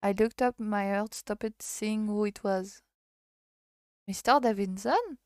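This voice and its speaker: A streamer from France with a French accent reading a visual novel aloud, halting and correcting herself as she goes. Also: medium pitch, little pitch movement, darkish tone, smooth, dry recording, studio quality.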